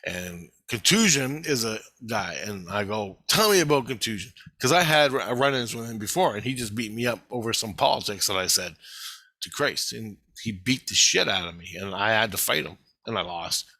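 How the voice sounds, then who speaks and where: A man tells a rambling personal story in a loose, profane way, quoting back and forth as he goes. His voice is bright and forward, recorded very dry and close with no room sound. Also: lowish voice, expressive, moderate pace, dry recording. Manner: profane, loose retelling with many quoted dialogues and repeated "he goes". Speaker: vlogger telling a personal story.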